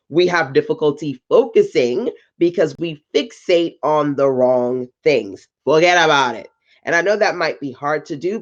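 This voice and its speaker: A woman's voice: deep voice, muffled recording. A woman hosting a livestream, giving chatty motivational talk to entrepreneurs, laughing and asking her audience questions. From North Carolina. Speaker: host of a business livestream.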